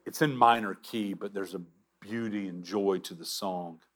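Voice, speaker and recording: A man preaching a sermon as pastor, earnest, with halting restarts and drops to a near whisper for emphasis. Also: low voice, fairly even intonation.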